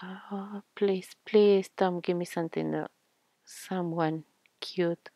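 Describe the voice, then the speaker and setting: Slow, soft-spoken woman narrating gameplay. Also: fairly low pitch, steady tone, no echo. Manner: soft-spoken, slow, with frequent fillers and small laughs. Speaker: gaming channel host. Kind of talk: casual gameplay commentary.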